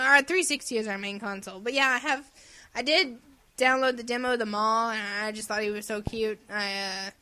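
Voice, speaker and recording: A woman co-hosting a casual gaming podcast, giggly and animated, who often acts out silly voices. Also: medium pitch, clean tone. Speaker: podcast co-host.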